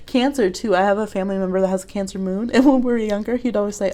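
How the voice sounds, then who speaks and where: A woman hosting a live-streamed reading, talking casually and animatedly, laughing often and jumping high in pitch as she tells stories. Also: fairly quick, a little mellow. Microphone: phone app live stream.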